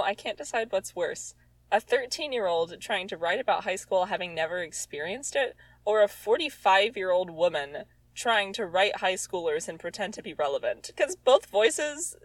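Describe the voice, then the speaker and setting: A woman's voice: lowish voice, very animated, unhurried, dry recording, poor audio. A woman reading her own childhood story aloud, with sarcastic, exasperated comic asides. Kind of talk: comedic reading with commentary.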